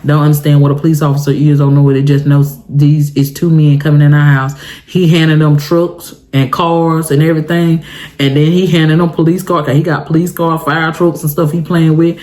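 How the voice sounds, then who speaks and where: A woman telling a personal story for her vlog in a casual, animated way, talking straight to her viewers and jumping high in pitch for emphasis. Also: normal speed. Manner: colloquial, talks straight to viewers. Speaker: storytime vlogger.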